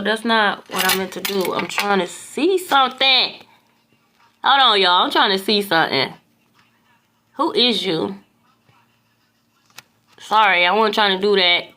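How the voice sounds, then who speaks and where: A woman, telling viewers a long dream story in a loose, animated way, swearing freely and talking straight to them. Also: mid-range voice. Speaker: tarot reader recounting a dream.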